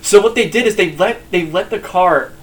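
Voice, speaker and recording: Young man telling rambling stories, a touch high. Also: normal speed. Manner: rambling, animated storytelling, swears casually. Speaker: guest. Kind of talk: casual chat.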